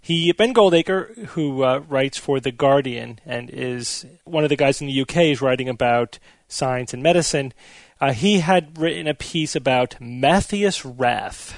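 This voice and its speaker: A man hosting a podcast, chatting casually and explaining news items in a relaxed way. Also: medium pitch, measured pace, gravelly, dry recording. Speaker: podcast host. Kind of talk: casual chat.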